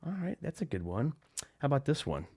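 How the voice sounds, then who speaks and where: A man's voice: mid-range voice, sing-song, a little fast, mellow. A man hosting a live podcast in casual chat, rambling off the cuff with lots of fillers and restarts. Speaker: podcast host. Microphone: desk microphone with a cover.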